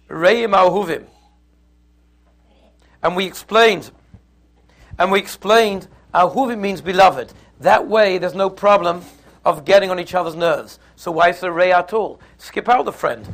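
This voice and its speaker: A man teaching a Torah class, lively and conversational, who acts out little scenes in voices. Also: sits high, vocal fry. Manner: animated, acts out the quarrel in put-on voices.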